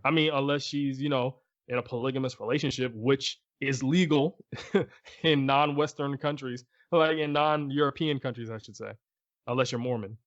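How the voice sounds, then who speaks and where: A man's voice: mid-range voice, steady tone, moderate pace, no echo, muffled recording. A man co-hosting a podcast in casual chat, telling stories and laughing often. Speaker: podcast co-host.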